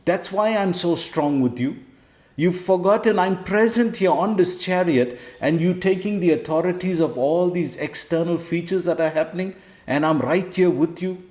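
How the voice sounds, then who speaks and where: A man's voice: high voice, normal speed, darkish tone, voice pushed up, natural voice. A man voicing a stern male god who scolds a warrior with mocking, challenging questions, in a roomy echo. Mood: firm.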